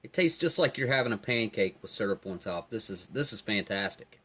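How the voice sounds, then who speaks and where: A man giving a relaxed, enthusiastic tasting review of field rations, talking while he eats. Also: lowish voice, brisk, husky. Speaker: food reviewer. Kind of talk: casual food review.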